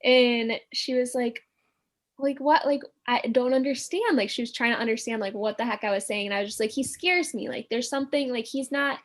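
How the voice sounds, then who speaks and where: Young woman, a bit high voice, lively storytelling, lots of "like"s. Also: fairly quick. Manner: animated, acts out quotes, many "like" fillers. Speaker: guest. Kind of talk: casual storytelling.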